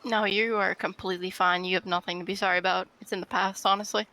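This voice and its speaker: A woman's voice: medium pitch, level tone, fast, bright, forceful tone, low-quality recording. A woman role-play player speaking in character, grateful and reassuring.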